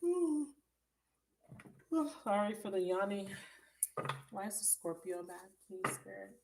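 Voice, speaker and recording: A woman's voice: mid-range voice, expressive, slow pace, noisy background. A woman reading tarot for viewers on a live stream, chatty and blunt, swearing freely and calling them baby. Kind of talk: casual live reading chat. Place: at home.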